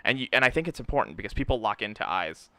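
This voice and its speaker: A man's voice: on the low side, racing, clean tone, dry recording. A man co-hosting a casual chat, telling stories with lots of "right?" and "dude". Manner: animated storyteller, says "right?" and "dude" a lot. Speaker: co-host.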